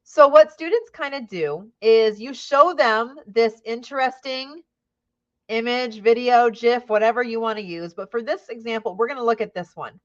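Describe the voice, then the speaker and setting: A woman teacher with a fairly high voice walks other educators through her method in an upbeat, conversational way. She keeps tagging her points with "right?" and slips into the bright questioning tone she uses with young children. The sound is a little dull and lo-fi. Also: moderate pace. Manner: upbeat, frequent "right?" tags, models classroom questioning. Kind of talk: teacher training presentation.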